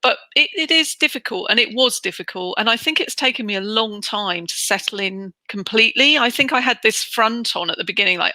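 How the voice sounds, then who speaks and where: Middle-aged British woman, interview guest, chatty and bright, dry close sound. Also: on the high side, brisk, hardly any pauses, no room sound. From United Kingdom. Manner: chatty, animated, acts out quoted voices. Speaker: interview guest, relocation trainer. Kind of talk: casual interview chat.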